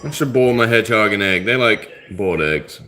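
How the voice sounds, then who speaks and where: A man's voice: fairly low pitch, lively intonation, a little fast, pushed and bright, slight background noise. A man hosting a live stream, chatting casually and rambling with his viewers. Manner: rambling, laid-back, chats with commenters. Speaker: livestream host.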